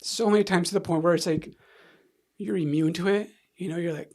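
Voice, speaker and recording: A man's voice: high voice, steady tone, a little mellow. A man in his thirties, a podcast guest, telling a painful personal story candidly and emotionally, repeating words and sniffing as he talks. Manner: candid, halting, repeats words when upset.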